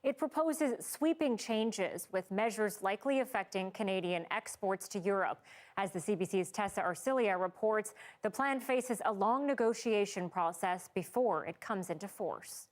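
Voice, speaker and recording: A woman's voice: medium pitch, expressive. Woman anchor reading the news. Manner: measured, formal delivery.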